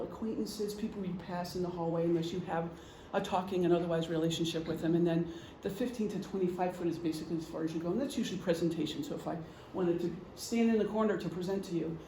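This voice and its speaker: A man's voice: high-pitched, vocal fry, mellow. A middle-aged man giving an informal presentation to a group, talking conversationally with examples and frequent ums. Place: meeting room. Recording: echoey room, faint hum.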